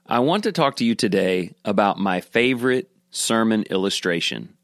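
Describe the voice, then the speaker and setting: A man teaching a devotional sermon talk, earnest and measured, telling a story to make his point. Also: lowish voice, lively intonation, a bit bright, no room sound, studio quality. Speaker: Bible teacher.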